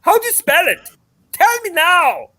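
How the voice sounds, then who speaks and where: Man doing a teasing German caller, put-on accent, lively sing-song pitch. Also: measured pace, heavily acted.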